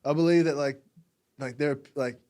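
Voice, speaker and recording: A man's voice: fairly high pitch, steady tone, moderate pace, mellow. A young Australian man from Melbourne, a podcast guest talking casually, rambling with lots of "like" and frequent laughs. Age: young adult. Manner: rambling, heavy use of "like", laughs often. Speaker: podcast guest, music publication founder. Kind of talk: casual conversation.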